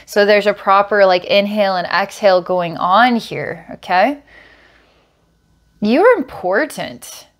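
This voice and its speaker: A woman giving a psychic energy healing reading, describing impressions slowly and searchingly. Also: medium pitch, animated. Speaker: psychic healer.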